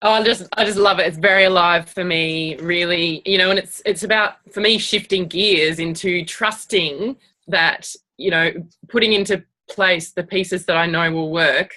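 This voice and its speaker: Lady on a coaching call, sharp bright voice, pauses a lot while she thinks. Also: fairly low pitch. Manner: thoughtful, hesitant. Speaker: client. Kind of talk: casual group coaching call.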